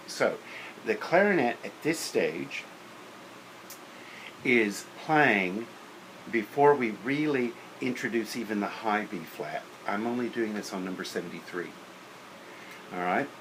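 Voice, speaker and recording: A man's voice: fairly low pitch, animated, a little slow, long pauses, fairly bright tone, a little hiss or hum, low-quality recording. A man lecturing on teaching beginner band, practical and opinionated, counting and singing rhythms aloud. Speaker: music teacher.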